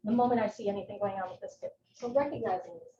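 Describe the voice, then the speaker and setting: A middle-aged woman giving a live educational talk as a nurse presenter, chatty and animated, with personal asides. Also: medium pitch, rapid-fire. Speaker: psychiatric nurse practitioner, presenter. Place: presentation room. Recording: echoey room, distant mic, muffled, faint noise.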